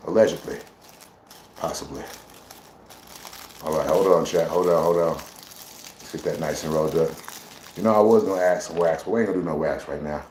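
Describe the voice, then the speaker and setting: Deep-voiced man, brash rambling streamer. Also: normal speed, long pauses, darkish tone. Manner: brash, profane, rambling banter. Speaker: live streamer. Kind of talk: casual live-stream chat. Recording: roomy echo.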